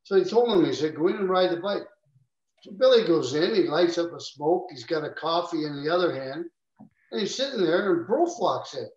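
A man co-hosting a podcast, telling lively anecdotes in casual chat. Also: on the high side, fairly quick, roomy sound, dull audio. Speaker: podcast co-host.

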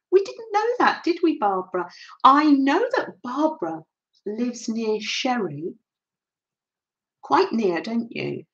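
An older woman hosting a craft livestream, chatting casually with viewers and greeting them with many soft "oh"s and little laughs. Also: mid-range voice.

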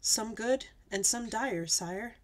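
A woman's voice: on the high side, takes it slowly. Woman putting on a prim palace purser. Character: fussy male palace purser, prim and gloomy.

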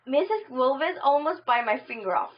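A woman reads a children's book aloud in a plain, unpolished way, stumbling now and then. Her voice is high, and the home recording sounds dull and muffled. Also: animated, fairly quick. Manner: plain storytelling with slips and restarts. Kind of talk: amateur audiobook reading.

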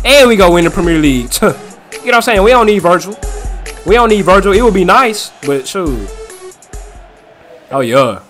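A man with a high, bright voice talks through a football video game match as he plays it. His commentary is excitable and swings up and down, and he repeats his hype phrases again and again. Faint music plays behind him. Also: moderate pace, pauses often. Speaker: gaming YouTuber. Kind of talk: live gameplay commentary.

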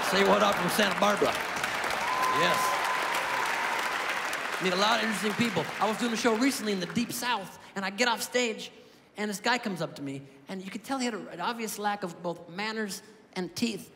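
A man doing a stand-up comedy set on a club stage, animated and shouting his punchlines over audience laughter. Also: high-pitched. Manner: animated, shouting punchlines, quick asides to the crowd. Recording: live room with long reverb, crowd noise.

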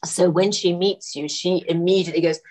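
A woman's voice: on the low side, fairly even intonation, fairly quick, darkish tone. Chatty woman telling set anecdotes. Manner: chatty anecdotal storyteller, laughs often. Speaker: actress guest. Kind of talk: casual podcast interview.

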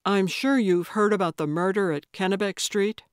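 A woman's voice: mid-range voice, normal speed, smooth, no echo, clean studio sound, lightly acted. A woman voicing an earnest, somewhat hesitant male paramedic in an audiobook. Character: young man, earnest awkward paramedic. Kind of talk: audiobook character voice.

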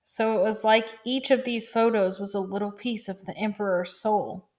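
A woman reading a novel aloud in a calm, even, measured way. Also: mid-range voice. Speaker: reader.

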